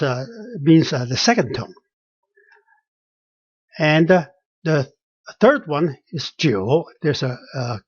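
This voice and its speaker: Slightly high and breathy-edged, this male Chinese teacher halts through a tone lesson slowly, full of fillers, repeating words so learners can hear the pronunciation. The lo-fi recording sounds dull and dry, with no echo.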